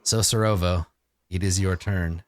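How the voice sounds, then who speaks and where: A man narrating a tabletop game as dungeon master, lively and often laughing. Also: low voice, measured pace, dry recording, studio quality.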